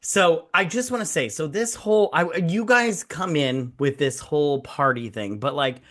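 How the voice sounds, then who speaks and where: A man's voice: on the high side, moderate pace, fairly bright tone. A man hosting a casual movie-review podcast, rambling and swearing, acting out people in mocking quoted voices. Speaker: podcast host. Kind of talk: casual drinking-show movie chat.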